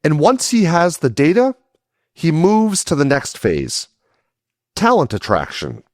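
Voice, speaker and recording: A man narrating a history series, reading a script with a conversational touch and casual asides. His pace is slow and measured, and his pitch swings widely for emphasis. The sound is dry and close. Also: wildly swooping pitch, a little mellow, no room sound.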